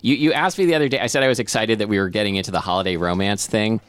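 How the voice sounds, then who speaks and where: A man's voice: lowish voice, racing, fairly bright tone, clean tone. A man co-hosting a casual podcast, chatting wryly with many fillers and reading a book aloud. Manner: hesitant, wry, many fillers. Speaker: podcast co-host.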